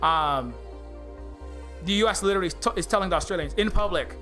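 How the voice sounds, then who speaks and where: High, bright-voiced man ranting heatedly. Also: lively intonation, fast talker, soft background music. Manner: heated and rambling, many fillers and restarts; slips into mocking impressions of others. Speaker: indie game developer streaming live. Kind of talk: impassioned political rant on a live stream.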